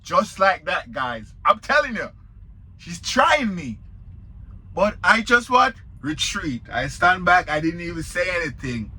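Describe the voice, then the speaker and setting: Man, Jamaican accent, truck driver, casual storytelling, high voice, vivid and sharp tone. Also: unhurried, slightly rough. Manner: animated storyteller, talks straight to viewers.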